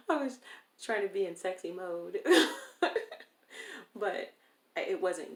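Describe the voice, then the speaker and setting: A woman telling a personal story in a casual interview, animated and acting out the people she quotes. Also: lowish voice, a little slow, pauses often. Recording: roomy echo.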